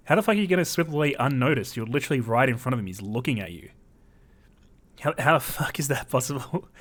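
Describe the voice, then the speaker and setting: A man's voice: medium pitch, fairly bright tone. A man streaming a game, casually reading out his dialogue choices and swearing with a laugh. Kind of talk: casual gaming commentary.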